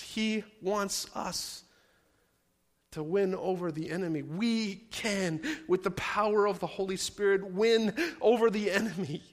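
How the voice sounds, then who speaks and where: A man's voice: high voice, unhurried. A man preaching a sermon as pastor, stacking repeated phrases with strong emphasis. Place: church sanctuary. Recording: long hall reverb.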